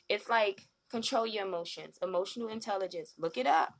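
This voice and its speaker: A woman hosting a live-stream talk show, animated and slangy, often acting out what other people said. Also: medium pitch, fairly quick, few pauses. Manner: animated, slangy, acts out quoted voices.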